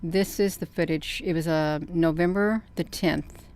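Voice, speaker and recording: A woman's voice: lowish voice, fairly even intonation, unhurried, a little mellow. A woman hosting her own channel in a casual vlog monologue, talking earnestly and folksily and repeating herself often. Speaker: channel host.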